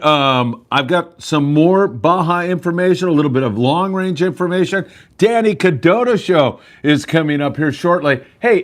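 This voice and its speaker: Chatty man hosting a live fishing report. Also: a little high. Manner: chatty, upbeat, rambling with fillers. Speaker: fishing show host. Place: sportfishing landing.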